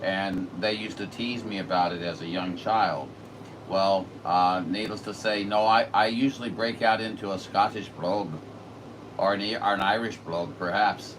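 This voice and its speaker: Low-voiced rambling man. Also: steady tone, moderate pace. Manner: rambling, filler-heavy, folksy. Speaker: radio operator. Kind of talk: casual chat. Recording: distant mic with noisy room.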